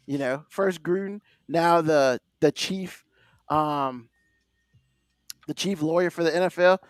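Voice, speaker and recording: A man's voice: fairly high pitch, slow pace, pauses often, no room sound, clean studio sound. A man co-hosting a casual sports podcast, ranting animatedly and swearing freely. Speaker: podcast co-host.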